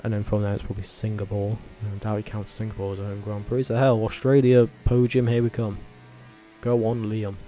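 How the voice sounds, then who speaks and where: Vlogger man, lowish mellow voice, casual rambling commentary with restless self-corrections. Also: flat delivery, a little fast, soft background music.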